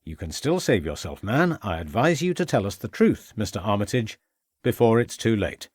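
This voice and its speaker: A man's voice: lowish voice, big pitch swings, normal speed, darkish tone, husky, no room sound. A man reading an audiobook, voicing a shrewd, stern male police inspector who questions in a dry, mocking way. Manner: probing, dryly mocking.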